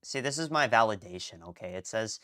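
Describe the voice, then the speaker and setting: A young man live-streaming his language study, rambling and thinking out loud, often muttering to himself and restarting sentences. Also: fairly low pitch, expressive, a little fast. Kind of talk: casual live-stream chatter.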